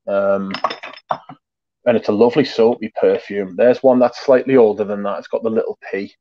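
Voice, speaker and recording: A man chatting casually about his collection over a video call, rambling with many pauses, restarts and swear words. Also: fairly low pitch, fairly even intonation, lo-fi sound, slight background noise. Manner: laid-back, rambling, many ums and restarts. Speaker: perfume collector guest showing his collection. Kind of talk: casual chat, swearing freely.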